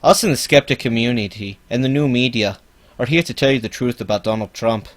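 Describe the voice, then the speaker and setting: A man with a mid-range, natural voice speaks fairly quickly, doing a parody of a smug, preachy online commentator who keeps begging for donations. He sounds pompous and preachy, promoting himself and repeating his pleas for money.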